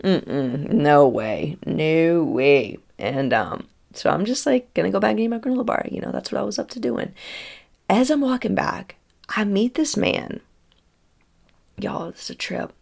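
A woman, telling a personal story in a casual, animated way, acting out dialogue and laughing often. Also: lowish voice, measured pace, creaky. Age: 30s.

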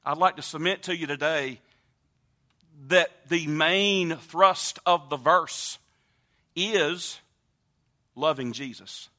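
A pastor delivers a sermon in an emphatic, repetitive preaching manner, swelling loud and dropping soft. His voice sits high for a man and has a bright, forceful edge. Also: takes it slowly, long pauses. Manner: emphatic preaching with repetitions and wide swings in loudness.

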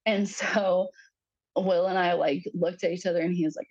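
A woman in her thirties sharing a personal story as a podcast guest, talking haltingly with many fillers and acting out the quoted voices. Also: fairly low pitch, breathy edge, dry recording, lo-fi sound.

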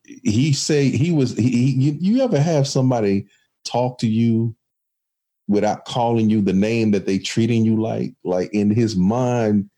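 Man, dark tone, casual, restarts a lot. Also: mid-range voice, measured pace. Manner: reflective, storytelling with many restarts. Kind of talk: casual conversation.

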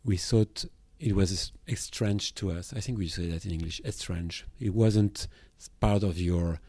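A man from Belgium with a Belgian French accent, a therapist speaking reflectively in a podcast monologue, pausing and restarting as he searches for words. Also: low voice, mellow, dry recording.

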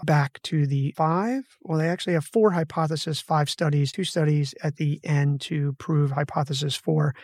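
A man's voice: on the high side, no echo, clean studio sound. A man hosting a podcast, casually walking through a research study from his notes and correcting himself as he goes. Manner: conversational, self-correcting, reads from notes. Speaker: podcast host.

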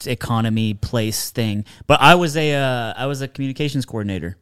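A man's voice: mid-range voice, a little fast, fairly bright tone, smooth. Teasing man in podcast banter. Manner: playful, teasing, laughs often. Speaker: podcast guest. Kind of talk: casual podcast chat.

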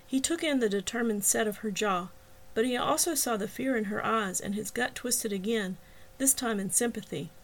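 A woman narrating her own novel as an audiobook, reading with expressive storytelling. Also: a little high.

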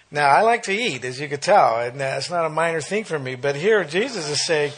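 A man preaching a sermon, reading scripture aloud and breaking off into animated exclaims. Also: fairly high pitch, normal speed, breathy edge.

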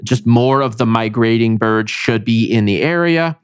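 A man's voice: mid-range voice, moderate pace, clean tone, no room sound, studio quality. A man hosting a podcast, chatting casually and enthusiastically. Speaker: podcast host. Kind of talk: casual chat.

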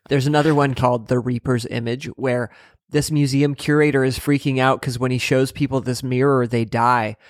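A man's voice: mid-range voice, fairly even intonation, normal speed, dry recording. Joking man on a dry mic. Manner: dry, joking, laughs often. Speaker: podcast co-host. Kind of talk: casual comedic book chat.

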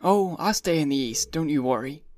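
A man's voice: on the high side, expressive, moderate pace, a little mellow, dry recording, studio quality, pitched above the performer's own voice, close to an everyday voice. A man playing a blunt, arrogant rich husband. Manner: blunt, decisive. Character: restless, blunt, arrogant wealthy young husband.

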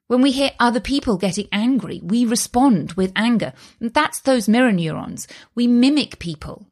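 A woman's voice: mid-range voice, darkish tone. A woman in her thirties, speaking as a host in a solo motivational talk, earnest, reassuring and conversational.

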